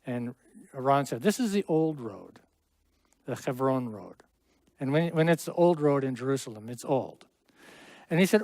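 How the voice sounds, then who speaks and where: A man's voice: medium pitch, expressive, moderate pace, pauses often, a little mellow, no echo. A middle-aged man teaching a Hebrew class in a classroom, explaining at length with friendly asides and small jokes. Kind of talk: classroom lesson.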